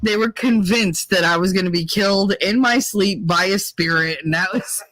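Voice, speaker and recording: A woman's voice: medium pitch, moderate pace, a bit bright, dry recording, low-quality recording. A woman livestreamer chatting casually in a blunt, rambling way, swearing and laughing often.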